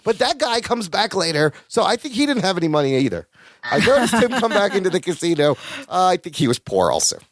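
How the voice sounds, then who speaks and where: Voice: mid-range voice, very animated, fast talker, slight background noise. A podcast co-host chatting casually and retelling sitcom scenes with enthusiasm and frequent laughter. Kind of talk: casual sitcom recap chat.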